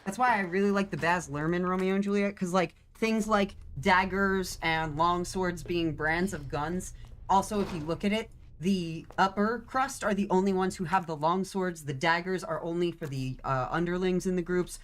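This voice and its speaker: A woman's voice: on the low side, moderate pace, slight background noise. A tired young woman, a theater actor, explaining Shakespeare in sassy casual chat, with casual swearing. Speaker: guest on a game stream, theater actor.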